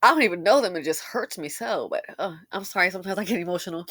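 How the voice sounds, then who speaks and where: A woman host giving impassioned social commentary, swinging between loud emphasis and hushed asides. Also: fairly low pitch, expressive, quick pace, hardly any pauses, dry recording, studio quality.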